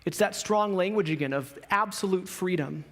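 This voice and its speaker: High-voiced man preaching a casual sermon. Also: normal speed, a bit bright. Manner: conversational preaching with emphatic rises. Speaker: pastor. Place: church sanctuary.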